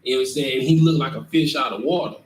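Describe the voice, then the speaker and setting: A man's voice: mid-range voice, fast. A man leading a scripture lesson in an emphatic way, who keeps checking that his listeners understand. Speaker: teacher leading a scripture class. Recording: echoey room, mic far off, faint noise.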